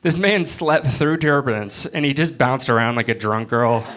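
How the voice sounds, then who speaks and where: A young man from Florida doing a stand-up comedy set on a club stage, acting out people in quick bits. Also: a little hiss or hum. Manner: animated, jumps into high-pitched bits when acting out people. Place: comedy club stage before a live audience. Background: audience laughter.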